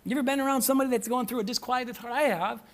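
A male pastor preaching a sermon to a church congregation, animated and often breaking into shouts. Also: very high-pitched, very fast. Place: church sanctuary with live audience.

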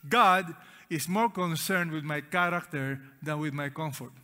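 Bright-voiced male pastor in a reverberant hall. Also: a little high, a little slow. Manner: asks the congregation questions and has them read along; emphatic, repeats key words. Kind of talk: sermon. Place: church auditorium. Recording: long reverb of a large hall.

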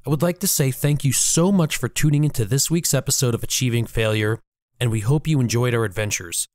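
A man's voice: mid-range voice, a little mellow, no room sound. Man giving a dry podcast outro. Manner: spells out the contact address slowly and clearly. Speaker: podcast host. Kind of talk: show outro.

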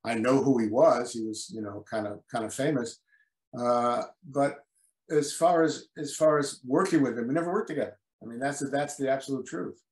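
A man's voice: medium pitch, moderate pace, roomy sound, poor audio. An older man, a guest actor on a video call interview, talking hesitantly with lots of repeated words and apologies for his memory.

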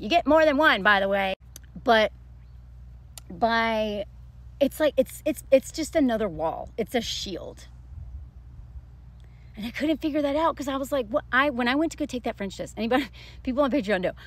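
A woman's voice: a little high, fairly bright tone. Candid, rambling woman vlogger. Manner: rambling, emotional, many restarts and fillers. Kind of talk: casual storytime monologue.

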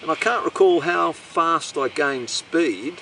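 A man's voice: a little high, expressive, slow pace, creaky, recorded from a distance, noisy background. A man with an Australian accent telling a meandering, profane, incredulous comic story. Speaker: host. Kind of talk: rambling comic monologue.

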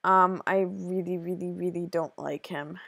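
A woman giving casual game commentary, chatty and a little apologetic, with halting pauses. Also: fairly low pitch, fairly even intonation, creaky, a bit bright, dry recording. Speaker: gaming video creator.

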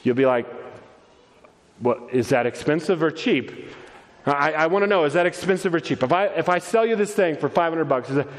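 A man preaching a sermon as pastor, telling a parable with animated voices, frequent restarts and stammers. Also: fairly high pitch, quick pace, hardly any pauses, long reverb tail. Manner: animated storytelling, acts out voices, many restarts. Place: church.

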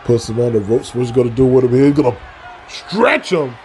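A man giving excitable play-by-play commentary on a wrestling video game, repeating phrases and breaking into shouts at big moves. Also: medium pitch, a little fast. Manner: repeats phrases and restarts mid-call. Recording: loud game crowd and noise behind. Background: video game arena crowd noise.

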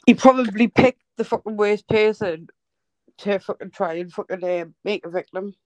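A woman's voice: mid-range voice, normal speed, a little mellow, no room sound, low-quality recording. Live-stream host, woman, profane and heated, dry close sound. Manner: sweary, heated, blunt. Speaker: livestream host.

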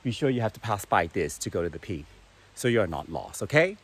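A man vlogging as he hikes a forest mountain trail outdoors, chatting in an unhurried, enthusiastic way. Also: lowish voice, sing-song, noisy background. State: out of breath while climbing. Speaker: travel vlogger. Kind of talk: hiking vlog narration.

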